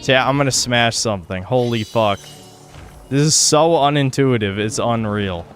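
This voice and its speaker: A man's voice: medium pitch, moderate pace, a bit bright, soft background music. A young man streaming a video game, talking to himself, swearing and getting frustrated with the controls. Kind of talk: live gameplay commentary.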